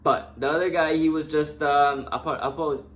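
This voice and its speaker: A young man casually recapping MMA fights, excitable and talking straight to the fighters. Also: on the high side, normal speed. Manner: excitable, talks directly to fighters. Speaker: MMA fan vlogger.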